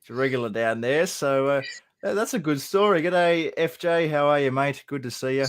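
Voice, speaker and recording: A man's voice: fairly high pitch, moderate pace, smooth. An Australian man hosting a livestream in an easygoing way, reading out viewer questions and laughing along. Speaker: host. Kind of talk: casual chat on a livestream.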